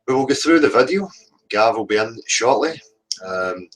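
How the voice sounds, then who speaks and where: A man's voice: on the low side, a bit bright, rough recording. A man hosting a livestream, combative and sweary, repeatedly asking "right?" as he rants. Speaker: livestream host. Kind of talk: heated livestream rant.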